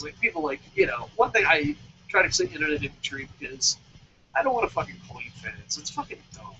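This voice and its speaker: A man's voice: a little high, pushed and bright, dull audio, a little hiss or hum. A man hosting a show and ranting in a heated, profane, emphatic way. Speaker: show host. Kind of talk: profane wrestling-commentary rant.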